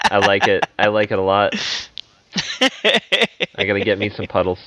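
A man's voice: fairly low pitch, very animated, a little slow, pushed and bright, no room sound. A man co-hosting a casual podcast, hesitant and dry, with many ums while he gets to his jokes. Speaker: podcast co-host. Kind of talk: casual chat. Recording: dull lo-fi mic.

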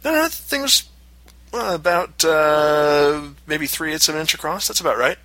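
A man on a casual podcast, telling a long personal story with animated acted-out quotes. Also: moderate pace, a little hiss or hum, poor audio. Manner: animated, acts out quotes in high voices. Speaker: podcast co-host.

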